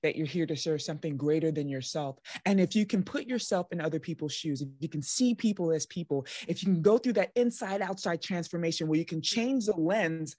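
A woman's voice: fairly low pitch, animated, a little fast, few pauses, mellow, dry recording, studio quality. A woman hosting a podcast interview, affirming her guest often and asking questions playfully. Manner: affirming, with frequent "right" and playful laughs. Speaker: podcast host.

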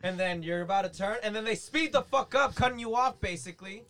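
Eager high-voiced young man. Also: a little fast. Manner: cuts in eagerly, builds to shouted punchlines. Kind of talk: casual profane chat.

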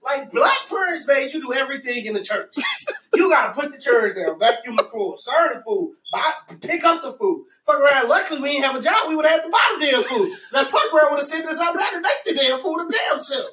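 A young man co-hosting a comedy podcast, loud and profane, ranting and shouting with laughter. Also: extremely high pitch, expressive, fairly quick. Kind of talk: casual comedic banter. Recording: echoey room, distant mic, noisy.

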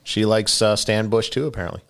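Male co-host, low voice, laid-back, crude humor, casual chat. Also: steady tone, fairly bright tone, clean tone. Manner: laid-back, crude jokes, halting restarts. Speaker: podcast co-host.

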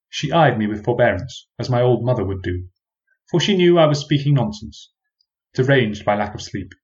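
A man's voice: mid-range voice, expressive, lo-fi sound. Wry man narrating an old-fashioned tale. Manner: measured, wry and old-fashioned formal phrasing. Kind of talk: first-person storybook narration.

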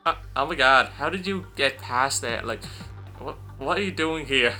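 A man's voice: medium pitch, lively intonation, moderate pace, bright, forceful tone, faint music behind. A man voicing a flustered young female punk hero who stammers in a raised voice.

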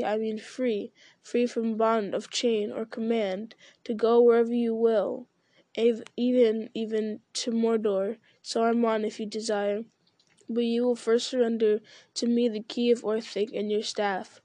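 Stern old wizard guy, bossy and slow, lady reading him out, high-ish flat voice, dry sound. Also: no room sound, close to an everyday voice.

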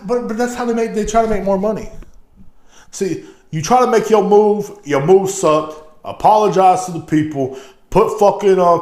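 A man's voice: on the high side, a little mellow, echoey room. A man from Texas, hosting a podcast in a profane, rambling, riled-up solo rant. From Texas, USA. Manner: riled-up, swears constantly, rambling. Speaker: podcast host.

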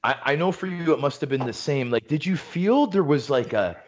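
A man's voice: fairly high pitch, animated, fairly quick, muffled recording. A man hosting a casual interview podcast, a former hockey player who asks long questions full of fillers.

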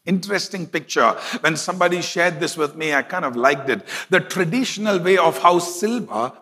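A middle-aged pastor delivers an emphatic sermon in a bright, forceful voice. His pitch sits a little high for a man, and he slows and lifts his voice to drive scripture home. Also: big-room sound.

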